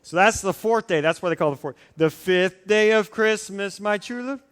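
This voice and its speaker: A man's voice: high voice, moderate pace, a bit bright, clear, resonant tone. A man giving a casual, joking youth sermon that keeps drifting off into tangents and cutting himself short. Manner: rambling, digressive, self-interrupting. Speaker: youth pastor. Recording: long reverb from a large hall.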